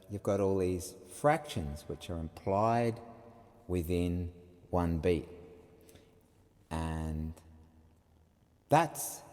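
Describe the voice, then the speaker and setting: A man's voice: low-pitched, mellow, in a large hall. A man teaching an online music lesson, chatty and explaining step by step, sometimes chanting rhymes.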